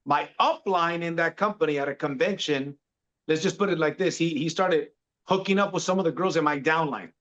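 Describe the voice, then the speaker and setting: A man's voice: fairly high pitch, a little fast, a bit bright. A man in his forties telling his career story in a laid-back way, calling the listener bro. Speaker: podcast guest. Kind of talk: casual storytelling. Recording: dull lo-fi sound.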